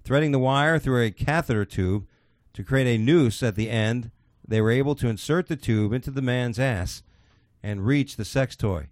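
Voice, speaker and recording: A man's voice: mid-range voice, moderate pace, no echo, studio quality. A man hosting a podcast, chatting casually and reading out odd news stories in a crude, swearing, laughing way. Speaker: podcast host.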